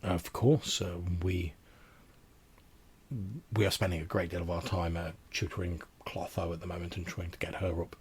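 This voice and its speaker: A courteous old vampire crone, formal and stately, speaking in a very deep, hoarse voice, as a man puts her on. She halts and repeats her words and keeps a flat, even tone. Her talk comes from a tabletop role-playing game. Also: normal speed.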